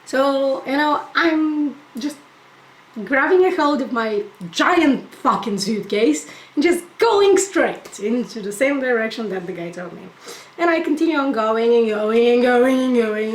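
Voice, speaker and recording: Profane ranting young woman, echoey room. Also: a little high. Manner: profane, exasperated, animated ranting. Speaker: vlogger. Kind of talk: casual storytime rant.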